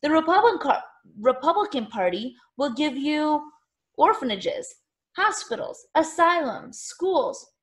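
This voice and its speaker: A woman voicing a loud, eager Northern male political organizer who rallies a crowd with speeches. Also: very high voice, very animated, a little slow, reverberant, pitched above the performer's own voice, exaggerated voice. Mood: rallying. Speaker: party organizer.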